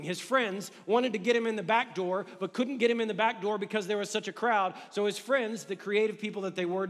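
Male pastor, very high voice, lively chatty preaching, long hall reverb. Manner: energetic conversational preaching with humor. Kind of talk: sermon.

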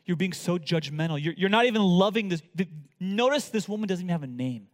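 A man preaching a sermon as pastor, swinging from loud emphatic lines to hushed near-whispers. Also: sits high, lively intonation, quick pace, big-room sound.

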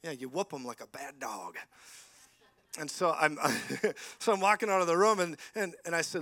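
Male preacher, animated storyteller, forceful, slightly high voice. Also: moderate pace, dry recording. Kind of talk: sermon.

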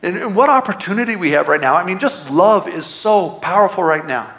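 Middle-aged male pastor, lively sermon delivery, voice sits a bit high. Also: a little fast. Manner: animated, acts out family reactions in quoted voices.

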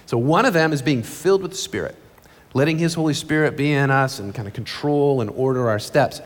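A male pastor preaching an earnest, conversational sermon from a church stage, with quick asides. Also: mid-range voice. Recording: long reverb of a large hall.

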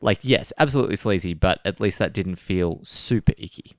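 A man's voice: deep voice, fairly quick, no echo, clean studio sound. A man co-hosting a podcast in casual chat, hesitant and chatty. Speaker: podcast co-host.

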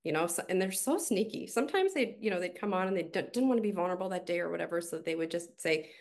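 Low, gravelly-voiced woman coach. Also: fast. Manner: animated storyteller with fillers. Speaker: podcast guest, team coach. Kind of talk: conversational podcast interview.

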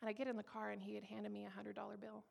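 A woman's voice: medium pitch, racing, vocal fry. Candid, humorous woman telling her testimony. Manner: candid, humorous, lively storytelling. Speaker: speaker giving a personal testimony. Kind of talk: storytelling testimony talk.

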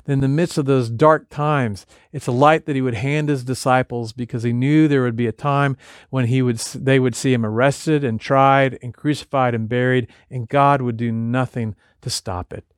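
A man's voice: mid-range voice, fairly even intonation, normal speed, clear, resonant tone, no echo, studio quality. A man preaching a sermon in a conversational way, retelling scripture and voicing the lines of the people in it. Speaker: pastor.

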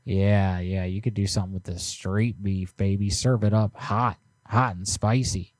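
A man's voice: on the low side, fairly even intonation, normal speed, a little mellow, no echo. A man co-hosting a prank call stream, chatting casually and joking while he reads out viewer submissions. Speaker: prank call show co-host. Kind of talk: casual live-stream chat.

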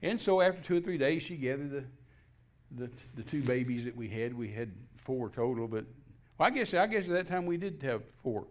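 A man's voice: medium pitch, brisk. An older man telling a personal testimony in a folksy way, acting out the dialogue as he goes. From Texas. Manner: folksy, repetitive restarts, animated quoting of dialogue. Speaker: guest minister.

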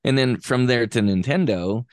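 A man's voice: medium pitch, normal speed, no echo, studio quality. A man in his forties, a guest on a podcast, chatting in an easygoing, reflective way. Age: 40s. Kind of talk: casual chat.

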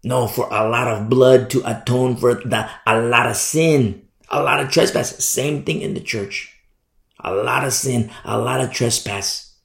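Impassioned male pastor, gravelly, echoing hall, emphatic repetition. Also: fairly even intonation, a little slow. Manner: impassioned, emphatic preaching with big swings in pitch and loudness; repeats words for emphasis, acts out quoted voices. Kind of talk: sermon.

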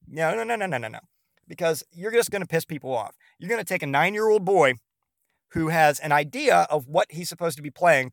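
A man's voice: fairly high pitch, no room sound, studio quality. Rambling, foul-mouthed podcast guy. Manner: profane, rambling, animated retelling. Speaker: podcast host. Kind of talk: rambling casual monologue.

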